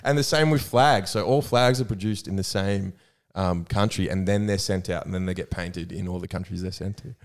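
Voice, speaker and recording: A man, co-hosting a casual chat show. His voice sits a little low, and he laughs often through his storytelling. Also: fairly quick. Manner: laughs often while telling stories. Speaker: podcast co-host.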